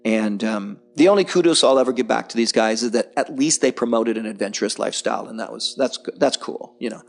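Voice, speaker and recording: Brief: middle-aged male guest, gravelly, mid pitch, blunt, animated storyteller. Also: fairly quick. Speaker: podcast guest, survival filmmaker. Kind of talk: candid conversational interview.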